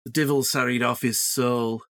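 A woman's voice: very deep voice, fairly even intonation, moderate pace, a bit bright, pitched below the performer's own voice. A woman doing a scornful old Yorkshire manservant. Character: grumbling old male Yorkshire servant.

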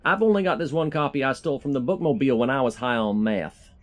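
A man's voice: medium pitch, lively intonation, quick pace, pitched below the performer's own voice, lightly acted. A man voicing a folksy, rambling hillbilly preacher in a put-on Southern drawl. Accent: put-on generic American Southern. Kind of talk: comedic sermon parody.

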